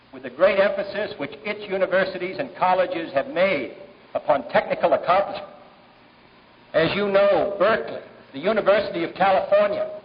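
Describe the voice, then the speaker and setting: Middle-aged man, formal fundraiser speech, measured delivery with frequent "uh" pauses, fairly high-pitched, dull old archive recording in a reverberant banquet hall. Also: a little hiss or hum. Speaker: speaker at a political fundraiser.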